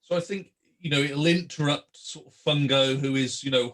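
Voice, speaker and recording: A man playing a tabletop role-playing game, his voice sitting a little high for a man. He describes his character's actions and slips into character now and then. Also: normal speed, hardly any pauses, fairly bright tone. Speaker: player.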